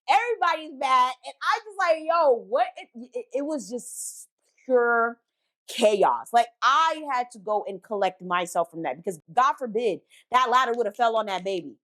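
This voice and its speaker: Young woman storyteller, animated and slangy, acts out quotes. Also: medium pitch. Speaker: storytime vlogger. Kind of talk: casual storytelling.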